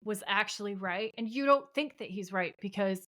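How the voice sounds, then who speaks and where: A woman's voice: medium pitch, normal speed, fairly bright tone, no echo, clean studio sound. A woman co-hosting a podcast, recapping a TV episode in casual chat and retelling scenes at length. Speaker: podcast co-host.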